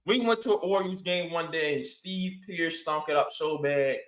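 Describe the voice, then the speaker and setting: A man's voice: fairly high pitch, normal speed, reverberant, rough recording. A man co-hosting a sports podcast, telling stories with playful exaggeration in casual chat. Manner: animated storytelling, playful exaggeration. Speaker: podcast co-host.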